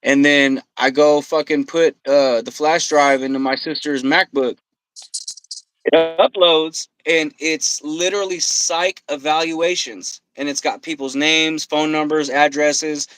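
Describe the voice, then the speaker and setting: A man telling a story on a podcast, swearing freely and quoting himself and others in an animated way. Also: on the high side, a little slow, clean tone, no echo, low-quality recording. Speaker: podcast guest. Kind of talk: casual storytelling. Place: podcast studio.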